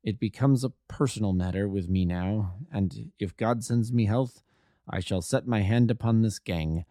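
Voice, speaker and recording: A man voicing Sherlock Holmes, low and grave. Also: no room sound, studio quality, close to an everyday voice. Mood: bitter. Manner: low, quiet and measured, bitter resolve. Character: Sherlock Holmes, grave proud male detective.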